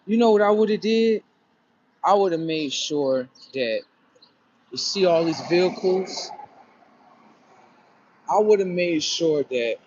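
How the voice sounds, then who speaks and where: A young man hosting a casual livestream from outdoors by a street, talking into his phone. He rambles with plenty of profanity and breaks into loud, high, excited bursts. His voice sits a little above average, and the stream audio sounds dull and muffled. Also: a little hiss or hum. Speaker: livestream host.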